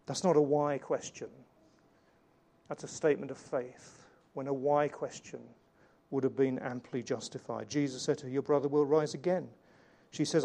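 A man preaching a sermon in an earnest way, slowing down and changing his volume to stress key points. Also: mid-range voice, steady tone, creaky, dark tone. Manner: earnest, varies volume for emphasis, slows on key lines.

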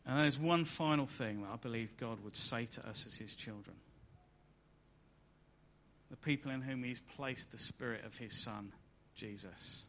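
A man preaching a sermon at a church service, building to loud emphatic peaks and then dropping soft and low. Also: unhurried, slight background noise.

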